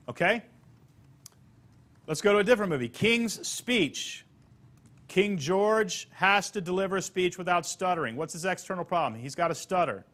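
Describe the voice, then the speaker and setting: A man's voice: high voice, fairly bright tone. Emphatic man giving a lecture-style talk. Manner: emphatic, repeats key points. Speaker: speaker teaching storytelling for marketing.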